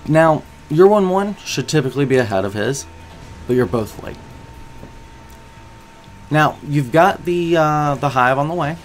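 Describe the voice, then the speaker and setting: A man giving analytical commentary on a strategy game, coaching the viewer and asking them questions. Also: medium pitch.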